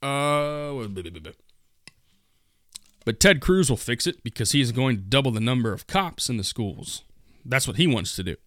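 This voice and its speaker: A man's voice: medium pitch, animated, a little fast, fairly bright tone, dry recording, studio quality. A man hosting a solo political commentary podcast, reading news aloud and riffing on it in a sarcastic, mocking, profane way. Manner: reads news aloud and riffs on it. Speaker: podcast host.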